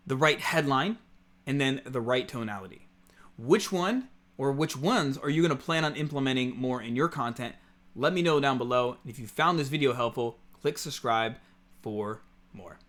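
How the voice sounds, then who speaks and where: A man's voice: medium pitch, a bit bright. A man coaching on content marketing, talking to camera in a conversational, emphatic way with frequent fillers. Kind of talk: casual teaching to camera.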